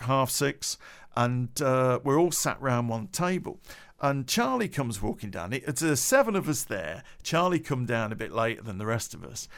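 A middle-aged man tells a personal story for a podcast. His voice swings widely in pitch, and he swears and laughs his way through it with plenty of fillers. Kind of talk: casual anecdote telling.

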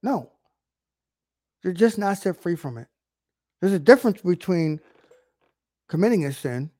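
A man's voice: sits high, animated, measured pace, dark tone, no room sound, studio quality. A man giving an informal video sermon, emphatic, often checking in with rhetorical questions. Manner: emphatic, keeps asking "right?". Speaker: online preacher.

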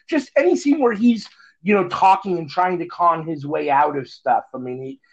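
A man's voice: on the high side, moderate pace. A man co-hosting a podcast, chatting casually and rambling with many fillers and restarts, on a phone. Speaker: podcast co-host. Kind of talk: casual chat. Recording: dull lo-fi phone audio.

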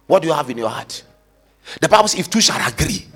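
A man preaching a fervent sermon in a high, gravelly voice that leaps all over the place. He swings from shouts to murmured asides, often half-singing his lines. Faint music plays behind him. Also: very animated, quick pace. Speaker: pastor.

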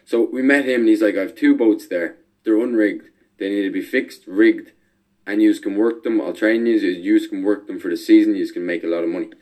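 A man's voice: on the low side, fairly quick, darkish tone. A man guesting on a podcast, telling an adventure story in an easygoing, chatty way. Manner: easygoing, chatty, laughs while telling stories. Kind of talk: casual storytelling.

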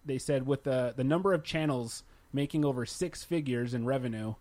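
A man's voice: medium pitch, brisk, darkish tone. A man who runs a tech channel, talking in casual podcast chat and explaining things at length with plenty of fillers. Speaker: YouTube tech channel creator.

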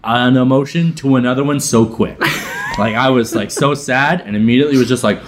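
A man's voice: medium pitch, brisk, noisy background. A man telling a funny story in casual chat, rambling with many restarts and laughing often. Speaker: storyteller guest.

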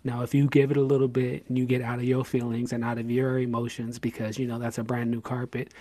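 A man at a mid pitch co-hosting a laid-back podcast, talking through his points in long stretches. He drives each point home with emphasis and acts out short bits of scolding. The recording sounds dry and close, with little room sound. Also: monotone, fast, warm tone, no room sound. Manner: explains at length with hypothetical examples. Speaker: podcast co-host. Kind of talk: casual podcast chat.

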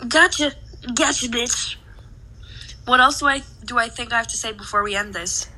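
A woman's voice: on the high side, fast, bright, forceful tone, low-quality recording. A woman in her twenties hosting a podcast, chatting casually and cursing, with lots of "like" in her speech. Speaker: podcast host. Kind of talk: casual chat.

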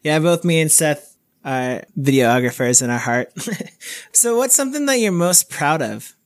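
A man's voice: fairly high pitch, lively intonation, normal speed. A man co-hosting a podcast interview, joking and laughing with his guest. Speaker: podcast co-host. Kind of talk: casual interview.

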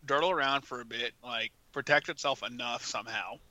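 A man's voice: medium pitch, a little fast, sharp tone, no echo, low-quality recording. A man co-hosting a casual podcast, talking in a rambling way full of filler words. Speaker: podcast co-host.

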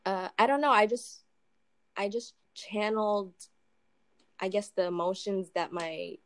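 A woman singer-songwriter talking in a casual interview, soft-spoken and reflective, with many pauses and ums. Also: mid-range voice, clean tone, dry recording.

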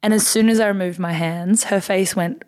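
A woman's voice: mid-range voice, fairly even intonation, normal speed, a little mellow. A young Australian woman in her twenties, a basketball player chatting as a podcast guest, telling stories in an upbeat way with lots of "like" and "um". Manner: chatty, upbeat storyteller with frequent "like" and "um". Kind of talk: casual interview chat.

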